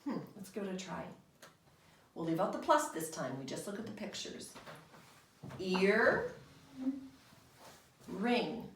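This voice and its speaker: A woman leads a remote lesson for young children, speaking slowly in a patient, sing-song teacher voice. The recording is roomy. She sounds a little distant from the microphone. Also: mid-range voice, very animated, a little hiss or hum. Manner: slow, patient, sing-song teacher talk with call-and-response. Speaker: kindergarten teacher. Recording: roomy home recording, voice somewhat off-mic.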